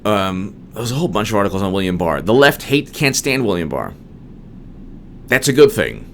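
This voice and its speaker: A man's voice: fairly low pitch, sing-song, moderate pace, fairly bright tone, a little hiss or hum. A man hosting a solo political commentary monologue, emphatic and digressive, with frequent restarts.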